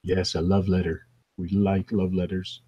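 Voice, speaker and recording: A man's voice: sits low, monotone, unhurried, dark tone, husky, muffled recording. A man co-hosting a podcast in casual chat, dropping dry one-liners and mock announcements. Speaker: podcast co-host.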